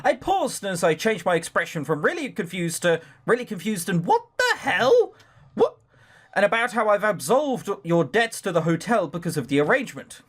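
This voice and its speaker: A man's voice: high-pitched, big pitch swings, brisk, hardly any pauses, fairly bright tone, slightly rough. A man reading a visual novel aloud with casual, rambling, jokey commentary. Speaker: let's player.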